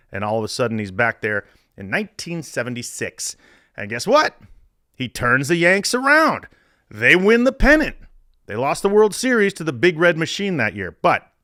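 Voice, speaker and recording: A middle-aged man hosting a sports podcast, telling stories in a profane, animated way. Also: mid-range voice, dry recording, studio quality. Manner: profane, animated storytelling with laughs. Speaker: podcast host.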